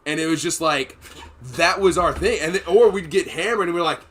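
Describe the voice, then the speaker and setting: A man's voice: on the high side, expressive, a little fast, a bit bright, slightly rough. A man hosting a podcast, telling long profane stories in a rambling, casual way and laughing between them. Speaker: podcast host. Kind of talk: casual storytelling chat.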